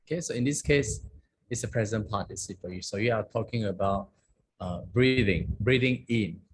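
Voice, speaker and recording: A man, a Buddhist monk, teaching a lesson on a scripture language, reciting verses slowly and often checking in with "okay?" and "huh?". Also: on the low side, husky.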